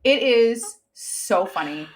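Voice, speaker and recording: A woman's voice: fairly high pitch, animated, takes it slowly. A woman co-hosting a romance book podcast, describing a book she loves in an enthusiastic, chatty way. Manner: enthusiastic, chatty, slips in quoted asides. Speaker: podcast co-host. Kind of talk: casual chat.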